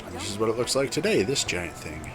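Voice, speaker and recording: A man's voice: on the low side, very animated, fast, over music. A man casually commenting while he plays a game, rambling and chatty. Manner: rambling, chatty, self-correcting. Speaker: gameplay video host.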